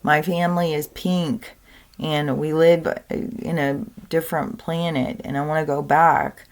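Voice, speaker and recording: A woman retelling a small girl's words about wanting to go home, in a soft, plaintive voice close to her own. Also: deep voice, flat delivery, unhurried. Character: small crying girl longing for home.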